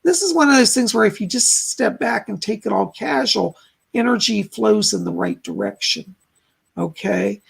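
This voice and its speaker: Male psychic host on a live stream, gravelly and very raspy, gentle and reassuring, chatty. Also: sits high, sing-song, moderate pace. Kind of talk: casual live-stream readings.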